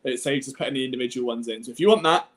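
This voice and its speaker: A man's voice: mid-range voice, racing. A young Englishman hosting a casual livestream chat, playful and prone to giggling. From England. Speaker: podcast host.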